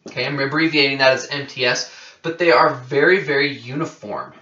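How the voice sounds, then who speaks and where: A male teacher explains things casually in a classroom, pausing to check in with his students and fix his own slips. His voice is bright and forward, but the recording is roomy and set back from the mic, with a dull, muffled top end. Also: medium pitch. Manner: conversational, checks in with "okay?", self-correcting. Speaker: science teacher. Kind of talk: classroom lecture. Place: classroom with whiteboard. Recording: roomy, distant and dull-sounding.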